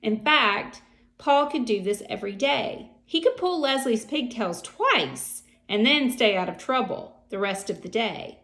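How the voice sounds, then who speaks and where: A woman reading a children's chapter book aloud with an expressive delivery. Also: fairly high pitch, unhurried. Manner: expressive, gravelly voice. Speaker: reader.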